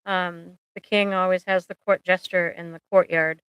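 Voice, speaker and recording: A woman therapist talks casually on her own live stream, chatty and quick with a joke, always reaching for an analogy. Her voice sits a little low and sounds smooth and clear. The mic is close, with a dry sound and no room around it. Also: level tone, fairly bright tone, no echo, poor audio. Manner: chatty, jokey, uses analogies and playful asides. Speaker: therapist and livestream host.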